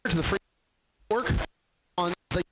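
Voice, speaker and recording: A man in his forties calling a local football game as the play-by-play announcer, with folksy, excitable hype. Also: high voice, moderate pace, a little hiss or hum, low-quality recording. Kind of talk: local sports webcast commentary.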